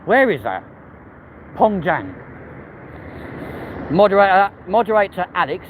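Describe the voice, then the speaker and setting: A man's voice: high voice, very animated, moderate pace, long pauses, slight background noise, rough recording. A man with a London accent, live-streaming as he walks city streets and chatting cheekily with viewers, swearing freely. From England. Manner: cheeky, sweary, chats to the live chat while walking.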